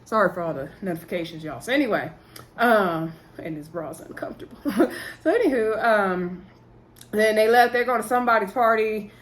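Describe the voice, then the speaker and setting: A woman's voice: medium pitch, normal speed. Chatty woman rambling through a recap. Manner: rambling, talks to viewers directly, frequent "so anywho" asides. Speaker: TV episode recap vlogger.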